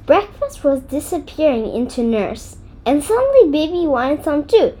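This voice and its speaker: A woman reading a children's book aloud in an expressive, deliberate way. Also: high-pitched, slight background noise. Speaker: storybook reader.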